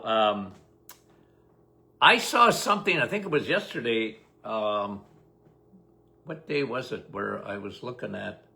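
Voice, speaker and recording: A man's voice: medium pitch, creaky, pushed and bright. An older man hosting a casual live-stream, greeting viewers by name and answering questions in a chatty way. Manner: chatty, reads viewer names quickly, laughs at himself. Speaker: host.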